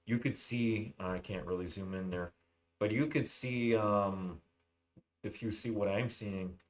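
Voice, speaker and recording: A man's voice: fairly low pitch, fairly even intonation, measured pace. A man hosting his channel, rambling through a casual, unscripted monologue full of swearing and fillers. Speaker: channel host.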